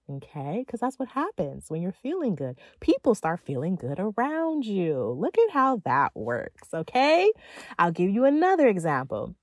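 A woman's voice: lowish voice, big pitch swings, moderate pace, a little mellow, dry recording. A woman giving a motivational monologue as a feminine energy coach, emphatic and casual, with slang and playful asides.

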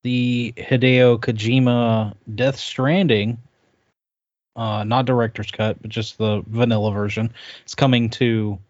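A man's voice: mid-range voice, level tone, a little slow, a little mellow, dry recording. A man co-hosting a casual gaming podcast, giving short replies and news updates. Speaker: podcast co-host. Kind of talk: casual chat. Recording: dull dry studio sound.

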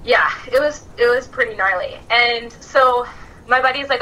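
A woman guest on a podcast tells a story in an animated, chatty way, sprinkling in "like" as she goes. Her voice is bright and somewhat high-pitched. Faint noise sits behind her. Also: normal speed, poor audio. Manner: animated, chatty, frequent "like" fillers. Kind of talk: casual storytelling.

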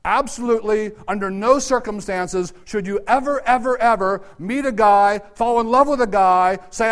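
A middle-aged man preaching a sermon at a church service, swinging from loud, emphatic urging to low, quiet asides. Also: normal speed, few pauses, clear, resonant tone. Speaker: pastor.

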